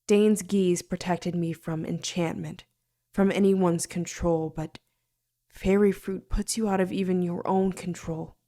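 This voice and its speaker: A woman reading a fantasy novel aloud in the first person, expressive, sometimes dropping to a near-whisper. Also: on the low side, measured pace. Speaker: audiobook narrator.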